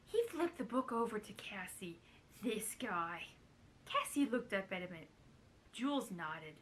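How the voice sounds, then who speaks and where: A woman putting on a warbly raspy old stage diva, theatrical storybook reading, a bit loud, faint rumble behind. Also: big pitch swings, a little slow. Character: raspy, warbling older showbiz grande dame.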